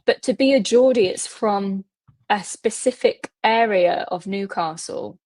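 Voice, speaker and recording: A woman's voice: medium pitch, unhurried, darkish tone. A woman guest on a podcast interview, talking in a friendly, casual way, laughing easily with hesitant fillers.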